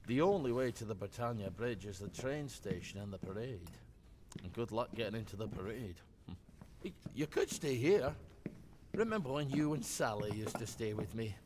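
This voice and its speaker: A man's voice: medium pitch, long reverb tail, noisy background. An actor voicing a lonely older man in a video game who talks to his absent wife, rambling and wistful.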